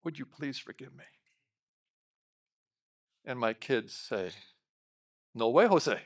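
A middle-aged male pastor preaching a lively sermon, bantering with the congregation and asking them questions. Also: mid-range voice. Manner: lively, talks with the congregation, quick asides.

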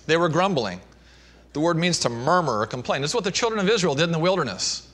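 Animated pastor preaching. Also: male voice, fairly high pitch, fast talker, husky. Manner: animated, swinging between emphatic and hushed. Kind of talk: sermon.

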